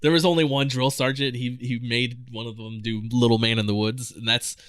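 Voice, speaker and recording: A man's voice: medium pitch, steady tone, a little fast, a bit bright, clean tone, dry recording, clean studio sound. A young man co-hosting a podcast, telling stories in casual chat and laughing often. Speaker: podcast co-host.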